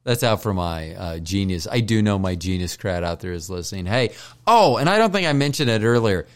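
A low-voiced man hosts his own podcast while high, drifting from joke to joke. He swears freely and keeps apologizing for himself in a loose, self-mocking ramble. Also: animated, a little fast, clear, resonant tone. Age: older. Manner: profane, joking, self-deprecating. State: stoned. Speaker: podcast host.

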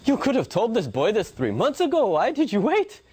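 A man's voice: sits high, wildly swooping pitch, normal speed, darkish tone, breathy edge, voice pushed up, heavily acted. A man voicing a perplexed young apprentice questioning his teacher. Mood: puzzled. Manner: questioning, puzzled.

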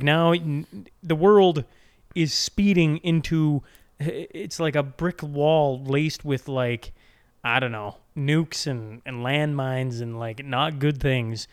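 A man co-hosting a podcast, talking in casual chat with animated, mock-exasperated swearing. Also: on the high side, clean tone. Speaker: podcast co-host.

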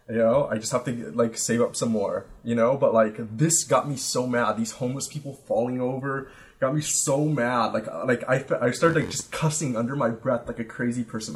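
A young man in an easygoing podcast chat, spinning a rambling, profane story full of "like" and "you know". His pitch sits in the middle range. He slips in quoted voices as he goes. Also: fast. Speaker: podcast guest.

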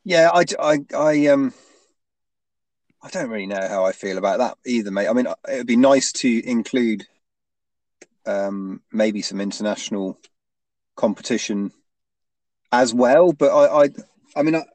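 A man's voice: mid-range voice, unhurried, long pauses, a little mellow, no echo. A man in a casual sports chat, hesitant, restarting often and ending points with tag questions.

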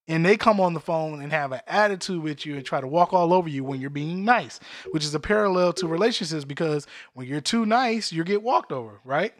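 High-voiced man telling jokey stories. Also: brisk, hardly any pauses, no echo, clean studio sound. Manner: animated storytelling, jokey impressions; profane slang. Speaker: podcast co-host. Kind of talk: casual chat.

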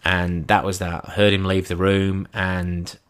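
Animated man telling a story. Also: low-pitched, measured pace. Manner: animated, acts out his own and friends' lines. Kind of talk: first-person anecdote.

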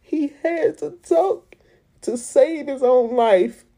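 A woman who is a mother, giving an earnest, emotional faith testimony with repetitions and pauses. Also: high voice, mellow. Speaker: mother of an autistic son.

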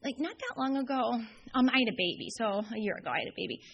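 A woman's voice: fairly high pitch, big pitch swings, quick pace, dull audio, slight background noise. A young woman telling a long personal story at a recovery meeting, chatty and full of fillers. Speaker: AA speaker. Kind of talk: storytelling talk.

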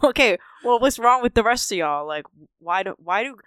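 A woman's voice: a little high, lively intonation, moderate pace, fairly bright tone, smooth, no room sound, clean studio sound. A young woman co-hosting a podcast in casual chat, blunt and teasing, swearing a lot. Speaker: podcast co-host.

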